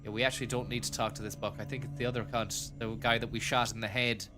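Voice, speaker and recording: A man's voice: on the low side, level tone, quick pace, music in the background. A man hosting a casual gaming stream, joking, swearing and thanking viewers for tips. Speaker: streamer host.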